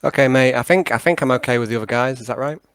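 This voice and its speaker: A man's voice: medium pitch, very fast, fairly bright tone, clear, resonant tone, no room sound. A man running a tabletop game over a call, rambling and hesitant with many fillers and restarts. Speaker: game master.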